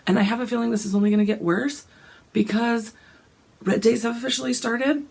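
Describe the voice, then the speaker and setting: A woman, hoarse and gravelly from a cold, chatting casually about her cross-stitch plans and often clearing her throat. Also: steady tone, brisk, a little mellow, slight background noise. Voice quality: gravelly, deep. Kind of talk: casual chat.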